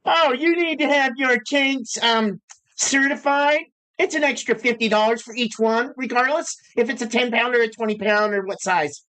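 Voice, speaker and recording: A man's voice: very high voice, normal speed, sharp tone, smooth, pitched above the performer's own voice. A man mimicking a fussy gas shop clerk. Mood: officious.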